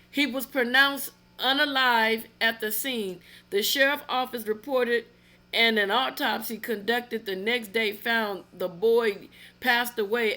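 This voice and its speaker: A woman commenting on a news story in a casual, indignant way, reading parts aloud haltingly and turning to talk to viewers. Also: a little high, pushed and bright. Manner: indignant, emphatic, with asides to viewers; reads news text aloud haltingly, with restarts.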